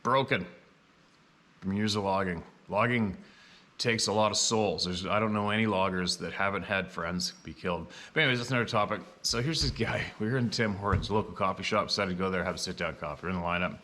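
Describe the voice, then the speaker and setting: A man's voice: sits low, fairly quick, pushed and bright. A man telling rambling, blunt stories in a casual vlog, swearing now and then. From Canada. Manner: blunt and profane, with frequent asides. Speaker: vlogger.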